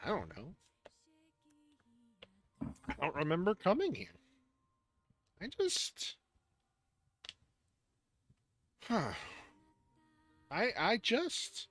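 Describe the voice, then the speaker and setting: A man's voice: fairly high pitch, wildly swooping pitch, unhurried, long pauses, a bit bright, heavily acted. A man voicing a confused young dragon in goblin form who rambles and trails off unsure.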